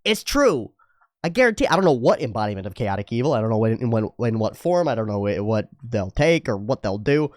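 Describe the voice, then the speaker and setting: A young man talks through viewer comments in loose, unscripted commentary. His pitch leaps up and drops down constantly, and he swears with ease. The room sounds dead and dry. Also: fast, few pauses, dry recording. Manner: animated, swears freely, slips into mocking put-on voices. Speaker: anime reaction host.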